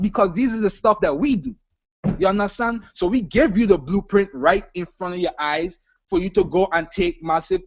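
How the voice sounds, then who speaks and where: A man's voice: high voice, dry recording, highs cut off. A man with a Caribbean island accent, speaking emphatically and repeating himself as a business panelist giving a motivational talk. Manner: emphatic, repetitive, preachy.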